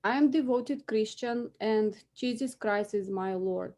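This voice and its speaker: A woman in her forties with a Belarusian accent speaks in English, her second language, in a slightly high voice. She gives emotional, pleading public testimony over a remote call. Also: measured pace, warm tone. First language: not English. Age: 40s.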